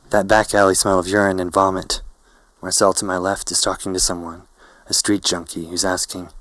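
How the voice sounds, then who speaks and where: A man narrating a novel in first person, in a slow, hazy, poetic way. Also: deep voice, a bit bright, dry recording, rough recording.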